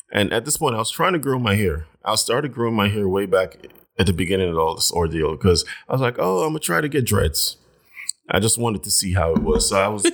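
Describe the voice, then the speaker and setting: Low-voiced man telling a lively story. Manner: animated, jumps high in pitch when acting out his own reactions. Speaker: vlogger telling a personal story to viewers. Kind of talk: casual storytelling to camera.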